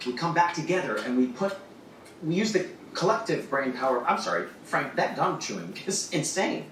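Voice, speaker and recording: A man's voice: fairly high pitch, big pitch swings, a bit bright, slight background noise. An actor playing an irritated young man who takes charge, heard as a distant, echoey TV clip. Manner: fast, irritated.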